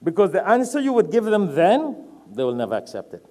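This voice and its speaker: Brisk and high-pitched, this man from Trinidad preaches an Islamic sermon full of animated stories. He drives his points home by repeating them emphatically.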